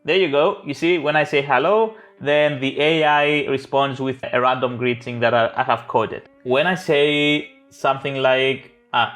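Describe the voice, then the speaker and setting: A man's voice: medium pitch, fairly even intonation, normal speed, hardly any pauses, fairly bright tone, faint music behind. A man who speaks English as a second language, hosting a casual tutorial vlog in a joking, playful, self-mocking way. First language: not English. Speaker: tech YouTuber.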